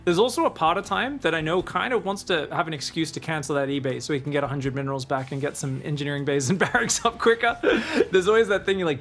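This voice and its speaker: A man casting a live esports match, giving energetic play-by-play and often adding "right?" to his points. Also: a little high, faint music behind. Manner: energetic, rapid, with tag questions. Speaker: esports caster.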